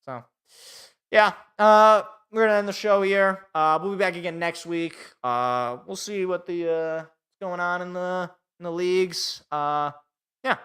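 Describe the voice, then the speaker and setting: Bright-voiced exasperated young man. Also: high voice, a little slow, clear, resonant tone. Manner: exasperated ranting, sarcastic. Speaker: sports podcast host. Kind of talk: live reaction podcast.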